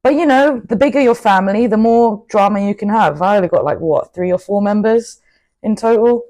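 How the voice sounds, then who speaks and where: An outspoken young woman talks straight to camera in a casual motivational monologue. Her pitch sits in a middle range for a woman. She is animated and keeps dropping in quick asides. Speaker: vlogger.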